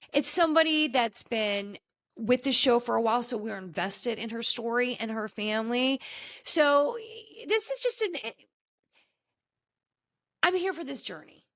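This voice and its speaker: A woman podcast host talking in a relaxed, chatty way, with a voice that sits a little high. She is opinionated and acts out what other people said as she goes. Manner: chatty and opinionated, acts out quoted dialogue, frequent restarts. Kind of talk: casual chat recapping a reality show.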